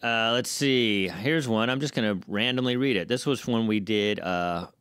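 A man's voice: on the low side, normal speed, fairly bright tone, smooth, dry recording, clean studio sound. A man from Southern California co-hosting a casual reaction show, playful and teasing as he reads comments. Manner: playful, teasing, laughs often. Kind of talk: casual chat, reading comments aloud.

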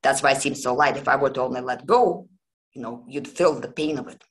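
A woman's voice: extremely low pitch, brisk. A woman voicing a cunning, boastful little old man in a told fairy tale, close to her own voice. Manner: sly, boastful.

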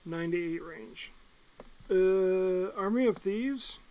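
A young man from the United States ranking movies in a casual vlog, blunt and excitable, swinging from loud bursts to muttered asides. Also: high-pitched, slow pace, smooth, poor audio. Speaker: movie reviewer.

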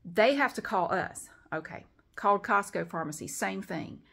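A woman's voice: mid-range voice, normal speed, creaky, breathy edge. Exasperated woman telling a story. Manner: exasperated, animated retelling with acted-out quotes. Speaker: vlogger. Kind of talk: casual storytelling to camera.

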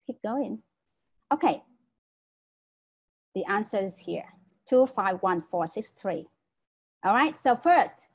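A teacher trainer lectures online through a video call, using a warm, mellow, slightly husky voice of medium pitch. Step by step she lays things out patiently, repeatedly asking "right?", on a low-quality recording.

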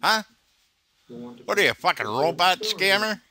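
A man's voice: sits high, big pitch swings, normal speed, pushed and bright. A man taunting a phone scammer with profane, exasperated insults in a casual call. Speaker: scam baiter.

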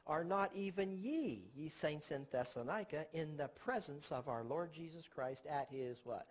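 A man's voice: a little high, expressive, moderate pace. A middle-aged man preaching a Bible teaching sermon, asking rhetorical questions and stressing key words.

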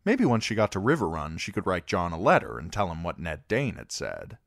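A man narrating a novel as an amateur audiobook reader, expressive and animated. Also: low-pitched, fairly quick, creaky, dry recording, clean studio sound. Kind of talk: storybook narration.

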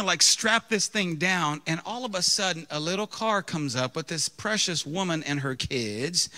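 A male pastor in his thirties preaching through a funny personal story. His voice is bright and sits a little high, and he tells the story with animated, self-mocking humor. It feels like storytelling from a church pulpit. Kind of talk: storytelling sermon.

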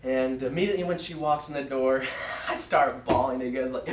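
A young man giving a student sermon in a classroom. He tells a childhood story earnestly, with frequent fillers and pauses. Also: mid-range voice, a little hiss or hum. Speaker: student preacher. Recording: roomy echo from far off.

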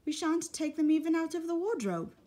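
A woman's voice: extremely high pitch, animated, brisk, dark tone, pitched above the performer's own voice. A woman voicing a practical, slightly fussy older schoolgirl in a storybook reading.

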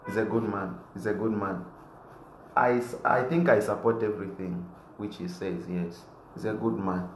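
A man who wants to be a politician reads viewer comments aloud on a live stream, laughing often and getting loud when he is fired up. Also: lowish voice, fairly even intonation, moderate pace, roomy sound, a little hiss or hum.

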